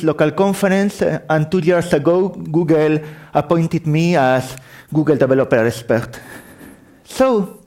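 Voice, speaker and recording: A man's voice: on the high side, darkish tone. A middle-aged man from Spain with a Spanish accent tinged with French, giving a tech conference talk, often correcting himself as he explains. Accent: Spanish, with French influence. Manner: apologetic, self-correcting, explanatory. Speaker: conference speaker. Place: conference hall.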